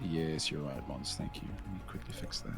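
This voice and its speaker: A man casting a tournament match live in casual commentary, excitable, laughing often and reading chat aloud. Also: extremely low pitch, moderate pace, gravelly, faint music behind. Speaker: esports caster.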